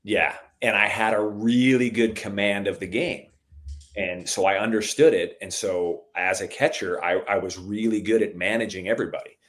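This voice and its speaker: A middle-aged man telling stories in a relaxed conversation, calling the listener "dude" a lot and getting animated at the exciting parts. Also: on the low side, moderate pace. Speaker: podcast guest. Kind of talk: casual storytelling chat.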